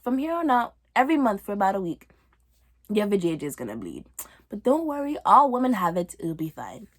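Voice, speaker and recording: Woman doing a calm, hushed mom. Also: a little fast. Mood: soothing. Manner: soft, low, hushed reassurance. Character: calm soothing mother.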